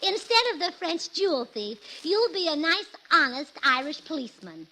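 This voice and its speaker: A woman's voice: high voice, sing-song, normal speed. A woman doing 1940s radio comedy, giggly and scatterbrained, on an old broadcast with faint hiss.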